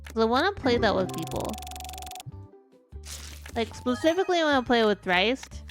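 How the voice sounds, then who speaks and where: A woman's voice: a little high, sing-song, normal speed, music in the background. A woman streamer chatting casually while she plays, her voice stuffed up and congested, rambling and trailing off mid-sentence. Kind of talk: casual gaming stream chat.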